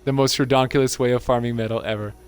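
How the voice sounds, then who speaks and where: A man's voice: mid-range voice, steady tone, fast talker, clear, resonant tone. A man hosting a gaming channel, giving casual gameplay commentary in an amused, chatty way and laughing often.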